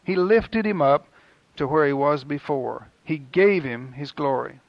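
A man preaching a sermon in an earnest, rhythmic way with dramatic pauses. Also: a little high, lively intonation, dry recording. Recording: dull, lo-fi dry recording.

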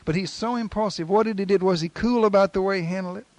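A man preaching a sermon in a folksy, animated storytelling manner, retelling scripture with acted quotes. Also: high voice, quick pace, no room sound.

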